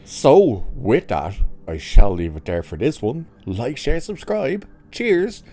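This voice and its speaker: Male host, low-pitched, sarcastic angry rant to camera. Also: big pitch swings, a little slow, warm tone, faint music behind. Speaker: commentary channel host. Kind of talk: ranting commentary monologue.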